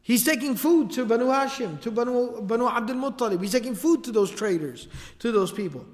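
High-voiced man lecturing in a reverberant hall. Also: a little fast. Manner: casual lively storytelling with slangy asides. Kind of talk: storytelling lecture.

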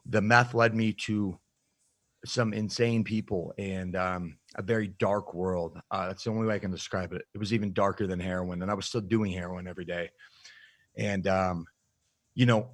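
A man with a very low voice tells his story candidly as an interview guest. He speaks in a reflective, halting way, and the sound is close and dry with no room echo. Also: fairly even intonation, fairly bright tone. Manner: frank and reflective, halting with fillers. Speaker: podcast guest, nutrition coach.

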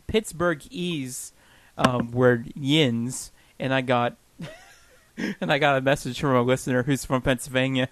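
A man's voice: mid-range voice, measured pace, fairly bright tone. A man co-hosting a casual podcast chat, laughing often and poking fun at himself. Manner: laughs often, self-deprecating. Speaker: podcast co-host.

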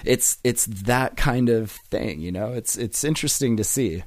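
A man's voice: medium pitch, a little slow, dry recording. Laid-back man telling stories, dry sound. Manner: laid-back storyteller, laughs often. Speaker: podcast host. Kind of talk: casual chat.

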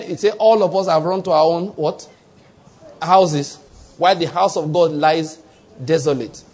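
A man's voice: high-pitched, a little mellow, husky. A man preaching a sermon, posing rhetorical questions to his congregation. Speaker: pastor.

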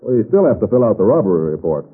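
An actor playing a firm but patient police captain who speaks with measured, soothing authority, in 1930s radio drama style. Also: male voice, on the low side, big pitch swings, husky, narrow, tinny audio. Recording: scratchy 1930s radio transcription.

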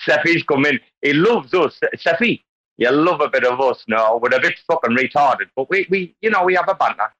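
A man's voice: fairly high pitch, lively intonation, moderate pace, sharp tone, dull audio. A man hosting an online community call, talking casually and animatedly as he wanders into tangents and lectures about word stress. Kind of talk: casual group call chat.

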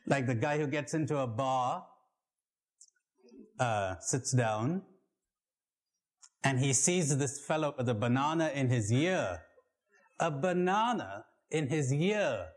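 A man's voice: mid-range voice, slow pace, long pauses. A man leading a spiritual retreat, telling stories and acting out the voices in his jokes for a live audience, in an archive recording. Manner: animated storyteller, acts out joke voices. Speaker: retreat leader.

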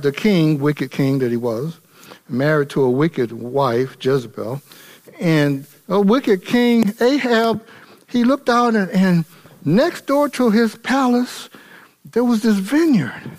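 A man pastor preaching a sermon in an animated, colloquial and humorous way. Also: on the high side, takes it slowly.

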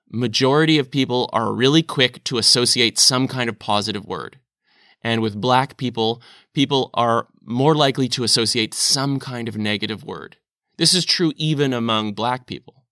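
A man talks through his thoughts in an earnest, confessional way, questioning himself as he goes. His voice has a bright, forward edge, and the sound is dry and close, with little room around it. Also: mid-range voice, no room sound. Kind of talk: reflective personal monologue.

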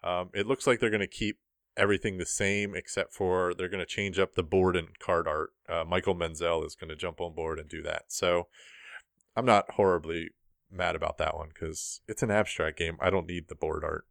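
Young male podcast host, very low smooth voice, dry close mic, laid-back board game news. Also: moderate pace, no echo. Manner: relaxed, rambling, many ums. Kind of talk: casual podcast chat.

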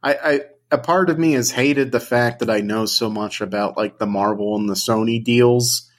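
Man, podcast co-host, casual banter, wry, swears freely, middle pitch. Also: normal speed.

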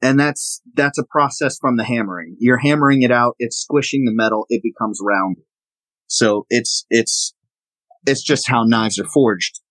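A man's voice: medium pitch, normal speed, fairly bright tone, dry recording, rough recording. A man from the American South, a knife maker guest, explaining and showing his work in a casual interview. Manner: explanatory, demonstrating objects as he talks.

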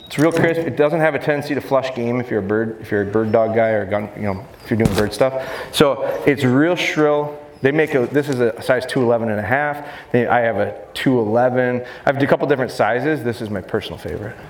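A dog trainer holds forth at a live seminar in a large expo hall, his voice ringing off the walls. He talks in a lively, joking way and sometimes mimics a high, coaxing baby-talk voice to his dogs. A faint hiss sits under the sound. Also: a little fast, hardly any pauses. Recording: echoey hall with faint noise.

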